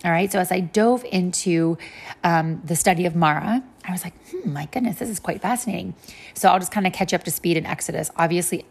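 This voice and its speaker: A woman teaching a casual Bible study, chatty and lively, acting out quick voices for the people in the story. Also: on the low side.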